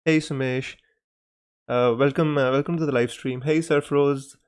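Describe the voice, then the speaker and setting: A man hosting a casual live stream Q&A, greeting viewers by name and talking in a hesitant, pausing way. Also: mid-range voice, steady tone, a little mellow, smooth.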